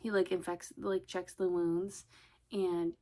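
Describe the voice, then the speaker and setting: A woman talking casually to her camera in a loose, rambling vlog. Her voice sits a little low, and she keeps laughing and swearing as she goes. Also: level tone, takes it slowly, dark tone, a little hiss or hum. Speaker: vlogger.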